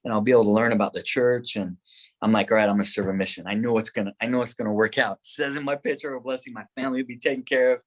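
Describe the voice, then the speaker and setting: A man's voice: medium pitch, very fast. A man, a guest on a podcast, telling a personal story in a rambling, emotional way, with many restarts, acting out his own past words. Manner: grows excited and tearful in the telling.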